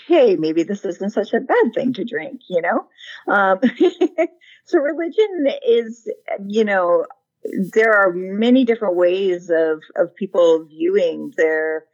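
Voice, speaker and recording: A woman with a somewhat low voice talks through her ideas in a relaxed interview, pausing often on "um" and restarting her sentences. The audio is dull and lo-fi, with little crispness. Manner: thoughtful, many fillers and restarts. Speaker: researcher guest. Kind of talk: conversational interview answer.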